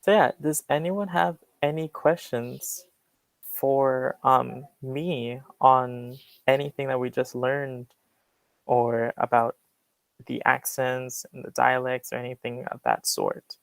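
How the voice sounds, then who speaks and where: Casual slow-talking young guy on a call, gravelly, lots of ums, dry mic. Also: medium pitch, no echo. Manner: hesitant, filler-heavy explaining. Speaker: guest English speaker. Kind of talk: explaining to a class.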